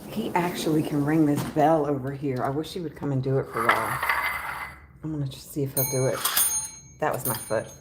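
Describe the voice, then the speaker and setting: A woman's voice: a bass voice, brisk, very noisy. A woman vlogger chatting casually to camera at home in the morning, rambling and often laughing. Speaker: travel vlogger.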